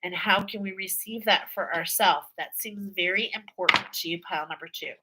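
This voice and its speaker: A tarot card reader gives her viewers a casual spiritual reading in a mid-range voice at normal speed, sounding pushed and bright. She's chatty and repetitive, laughing and checking in with "okay?" again and again. The recording is low quality, with a little hiss or hum.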